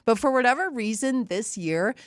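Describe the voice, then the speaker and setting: A woman's voice: on the high side, animated, moderate pace, dry recording. A woman co-hosting a morning radio show, chatting casually and laughing easily in a studio.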